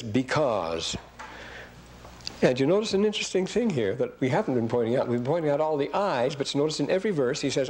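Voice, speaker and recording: A man's voice: medium pitch, darkish tone, a little hiss or hum, rough recording. An older man giving a classroom lecture, reading verses aloud and breaking in with rambling comments to his students.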